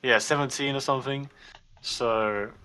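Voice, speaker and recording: A man's voice: mid-range voice, fairly even intonation, a little slow, crowd noise. A man in his twenties telling a rambling story in a late-night party chat, full of fillers and swearing. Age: 20s. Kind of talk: casual chat. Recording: noisy background ambience.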